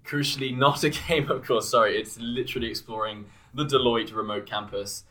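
A man's voice: mid-range voice, fairly even intonation, brisk, pushed and bright. Amused, teasing man. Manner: amused and teasing, laughing between lines. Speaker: podcast co-host. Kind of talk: casual chat.

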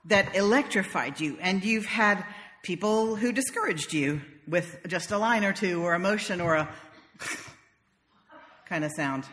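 A woman's voice: lowish voice, expressive, measured pace, fairly bright tone, in a large hall. A woman minister from the South, preaching a sermon in a wry, conversational storytelling manner. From American South.

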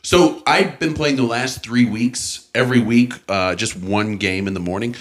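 A Canadian comedian in his forties guests on a podcast, talking casually in a mid-range voice at a moderate pace. He's laid-back, laughs often and rambles, restarting his thoughts.

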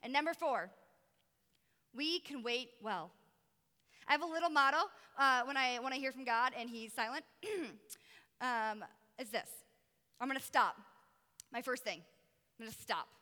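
A woman youth pastor giving a lively, conversational sermon with emphatic pauses. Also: high voice, long reverb tail.

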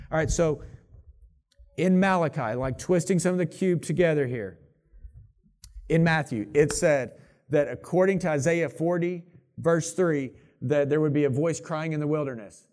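A man preaching in a loose, conversational way, filling his talk with "like" and quick self-corrections as he reads passages aloud. His voice sits a little high but has a mellow, warm tone. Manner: casual, chatty, full of "like" and self-corrections. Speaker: pastor. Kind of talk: sermon with scripture reading.

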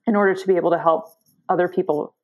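A woman's voice: on the low side, steady tone, racing, phone-quality sound. A woman psychotherapist, a podcast guest, thoughtfully answering an interview question and searching for her words.

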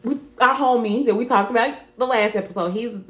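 A woman's voice: fairly high pitch, fairly quick, roomy sound. A woman co-hosting a podcast, chatting candidly and telling stories with lots of slang. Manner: candid, animated storytelling with slang. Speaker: podcast co-host. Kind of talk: casual chat.

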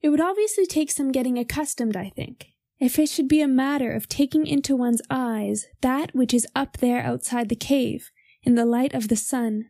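Young woman, reading aloud, formal, measured, high-ish voice, dry close sound. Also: dark tone, no echo. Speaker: reader of a philosophy text.

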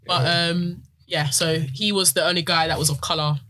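A young woman, a wrestler guest chatting casually on a podcast, full of fillers and quick asides. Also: sits low, steady tone, pushed and bright. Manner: fast and chatty, lots of fillers.

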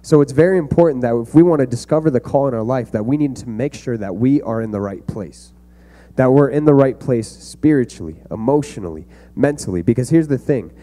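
A man's voice: mid-range voice, a little fast, dark tone. A young man giving an earnest, conversational youth sermon to a room of kids. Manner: earnest, conversational preaching with fillers. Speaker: youth pastor.

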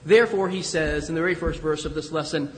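A man's voice: fairly high pitch, quick pace, roomy sound, big-room sound, low-quality recording. A man preaching a sermon in a conversational way, with emphatic rises and asides. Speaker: pastor.

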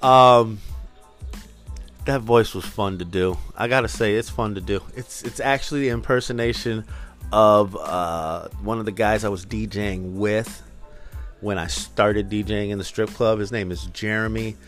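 A man's voice: fairly low pitch, moderate pace, a bit bright, soft background music. Profane, rambling man hosting a podcast. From Minnesota, US Midwest. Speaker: podcast host. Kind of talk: casual solo podcast talk.

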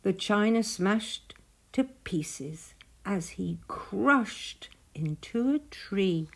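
A woman reading a rhyming picture book aloud, gentle, often dropping to a hushed near-whisper. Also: medium pitch, expressive, very slow. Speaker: storyteller.

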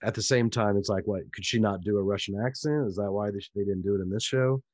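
A podcast co-host with a low male voice and a dry, close sound. He trades wry, opinionated fan takes on a TV show in a relaxed, casual chat. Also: fast, dry recording.

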